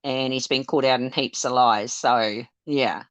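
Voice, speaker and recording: A woman's voice: a bass voice, steady tone, normal speed, no echo. A woman hosting a casual live stream, talking hesitantly with lots of fillers. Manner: chatty, hesitant, full of fillers and laughs. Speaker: livestream host.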